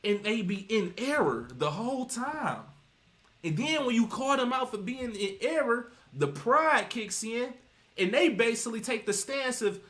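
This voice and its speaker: A man's voice: very high voice, big pitch swings, unhurried, fairly bright tone. A man giving casual livestream commentary with a preachy, emphatic, rambling delivery that keeps citing scripture. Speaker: streamer commenting on reaction videos.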